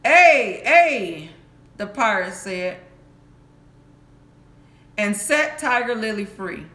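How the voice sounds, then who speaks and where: A woman's voice: medium pitch, lively intonation, pushed and bright. A woman reading a bedtime story for grown-ups aloud, reading carefully and sometimes correcting herself. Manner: slow, careful reading with small restarts. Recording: echoey room.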